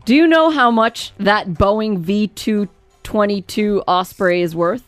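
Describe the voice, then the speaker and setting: A woman chats and teases her co-host, cutting in with quick remarks. Her voice sits at a middle pitch and sounds dry and close. Soft music plays underneath. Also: no echo. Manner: teasing, quick interjections. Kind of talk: casual chat.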